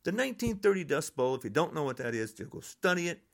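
Older podcaster ranting, animated pitch. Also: quick pace. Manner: frustrated, angry ranting. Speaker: podcast host. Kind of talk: political rant podcast.

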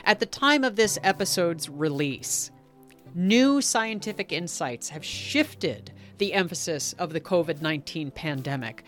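A woman podcast host in gentle, contemplative narration and reflective conversation. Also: lowish voice, animated, measured pace, soft background music.

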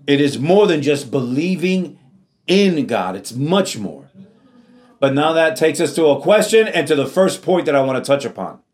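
Earnest man preaching a sermon. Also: fairly high pitch. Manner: earnest, repeats phrases for emphasis, calls out amen. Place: church.

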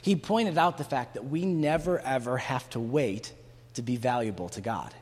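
A man's voice: medium pitch, moderate pace, a little mellow. A man preaching a sermon in a casual, conversational way, acting out the people in the story with bursts of energy. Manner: conversational preaching, acts out quotes with rising energy. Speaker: pastor. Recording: long hall reverb.

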